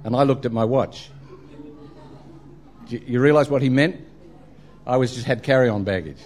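A man's voice: medium pitch, moderate pace, darkish tone. A middle-aged Australian man preaching a sermon, telling funny travel stories with plenty of ums and uhs. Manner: humorous storytelling, frequent ums and uhs. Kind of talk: sermon with anecdotes.

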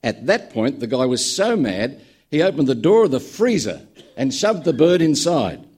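A man preaching with a husky, slightly breathy voice. His pitch swings widely as he tells a story with dry humour, and his tone is dark and mellow. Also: sing-song, normal speed. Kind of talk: sermon with a told joke.

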